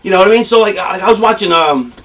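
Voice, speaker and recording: A pro wrestler tells candid stories during an interview, rambling, swearing freely and narrating with animation. His voice is high-pitched and fast, captured on a distant mic.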